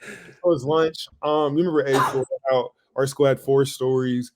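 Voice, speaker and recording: A young man co-hosting a podcast, telling a story in casual chat, animated and swearing freely as he acts out what he said back then. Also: mid-range voice, normal speed. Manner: animated, swears a lot, acts out his own past lines. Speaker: podcast co-host.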